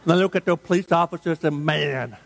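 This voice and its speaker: A man's voice: fairly high pitch, steady tone, fast, a little hiss or hum. A middle-aged man preaching a sermon, shifting into conversational, humorous storytelling and asking the congregation questions. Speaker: pastor.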